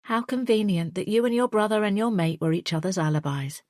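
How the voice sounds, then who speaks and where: A woman reading the part of a bitter, cold woman who answers in sharp, biting retorts in an audiobook thriller. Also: deep voice, a little slow, no room sound, clean studio sound. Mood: angry. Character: bitter woman in her late thirties, cold and sarcastic. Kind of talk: audiobook dialogue.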